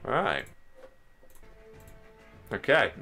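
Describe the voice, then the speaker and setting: A man in his thirties from England, hosting a live game stream and commentating matches in a chatty way, talking straight to his viewers and getting excited at big plays. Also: medium pitch, very slow, faint music behind. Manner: chatty, addresses the chat directly, gets excited at plays. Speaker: stream host and caster.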